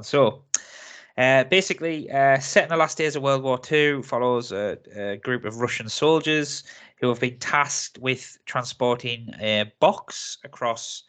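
A man's voice: mid-range voice, a bit bright. A man hosting a casual film review chat, talking freely, ranting and laughing often. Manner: chatty, laughs often, rants with mock accents. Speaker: film review podcast host.

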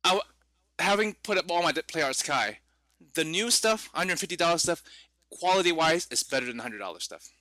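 A man's voice: fairly high pitch, expressive, brisk, sharp tone, dry recording. A man co-hosting a casual podcast, rambling along with the odd swear word. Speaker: podcast co-host. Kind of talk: casual chat.

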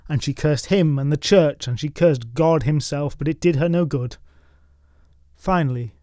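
A man narrating folklore from a script, dropping wry, deadpan asides into the tale. His voice sits fairly high for a man. The sound is dry and close, with no room echo. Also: normal speed. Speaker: storytelling podcast host.

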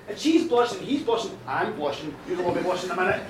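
A man telling a bawdy comic story live, animated and laughing. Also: high-pitched, fast, background noise. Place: live show venue. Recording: roomy live hall, distant mic, faint ambience.

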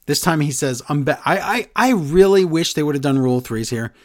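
A man's voice: a little high, brisk, dry recording. Chatty man recapping in a dry room. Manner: animated storyteller, quotes people in funny voices. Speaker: podcast co-host recapping wrestling. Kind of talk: casual chat.

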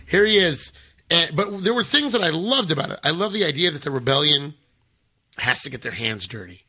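A man with a very bright, forceful voice, chatting on a podcast. He rambles enthusiastically and jokes his way through his points, pitched a little high. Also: very animated, brisk, slightly rough. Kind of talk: casual chat.

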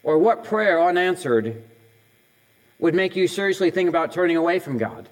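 A middle-aged male pastor preaches a sermon in a conversational way, firing off question after question at the listeners. His voice sits a little higher than most men's, and he laughs off his own slips of the tongue. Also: expressive, normal speed, rough recording. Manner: conversational, asks many questions in a row.

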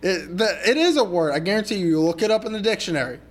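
Podcast co-host, man, raised voice, swears and jokes through relaxed movie talk. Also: high-pitched, quick pace. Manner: crude, joking, swears freely. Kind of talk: casual movie chat.

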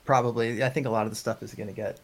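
A man's voice: fairly low pitch, flat delivery, very fast. Joking Long Island man. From Long Island, New York. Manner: exasperated, joking rants. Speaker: podcast host. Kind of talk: casual chat.

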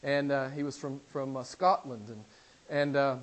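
Preacher with dramatic loud-soft swings. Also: male voice, medium pitch, steady tone, moderate pace, poor audio. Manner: dramatic swings from loud emphasis to near-whispers; repeats key phrases for emphasis. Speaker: pastor. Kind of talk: sermon. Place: church pulpit.

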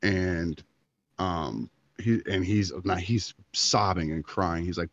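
A man's voice: deep voice, unhurried, dry recording, lo-fi sound. A man in his thirties, a podcast co-host, telling a long story in casual chat and acting out the quotes.

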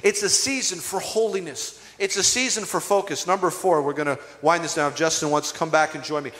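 A man's voice: fairly high pitch, a little fast, fairly bright tone. A man preaching a sermon as pastor, emphatic and calling out to his congregation. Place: church hall. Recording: echoey hall with music behind.

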